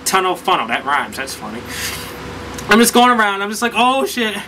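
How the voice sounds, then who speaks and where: Guy vlogger with a high bright voice, rambling casual story, tons of likes and you-knows. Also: fairly quick, slight background noise, poor audio. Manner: rambling, animated, lots of fillers.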